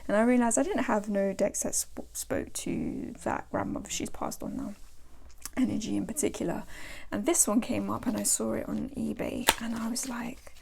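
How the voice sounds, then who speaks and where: A woman's voice: fairly high pitch, steady tone, moderate pace, gravelly, background noise. A woman chatting casually as a tarot vlogger, rambling and laughing as she shows her decks. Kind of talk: casual show-and-tell chat. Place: home.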